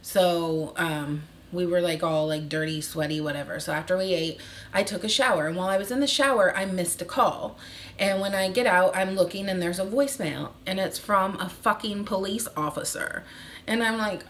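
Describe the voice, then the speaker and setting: A woman's voice: on the low side, normal speed, a little hiss or hum. A woman in her thirties telling a story in a casual vlog, acting out the voices of the people in it. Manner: animated, acts out quoted voices. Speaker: vlogger.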